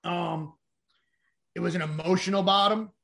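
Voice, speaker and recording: Male guest, higher-than-average bright voice, candid storyteller who rambles and swears. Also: steady tone, normal speed, gravelly. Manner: rambling, frank, swears, acts out quoted dialogue. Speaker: podcast guest.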